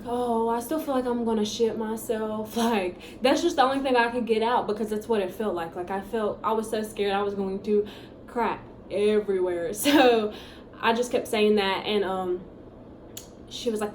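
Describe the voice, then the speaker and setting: A young woman telling her own story in a casual, animated way, acting out what people said. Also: medium pitch. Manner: animated, chatty storytelling with acted-out quotes. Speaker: vlogger. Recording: echoey room with faint background hum.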